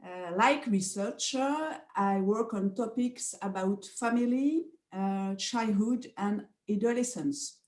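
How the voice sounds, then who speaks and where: A woman with a French accent, a guest speaking English in an interview, hesitant with many fillers and soft laughs. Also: medium pitch, slow, roomy sound. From France. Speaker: guest psychoanalyst and researcher.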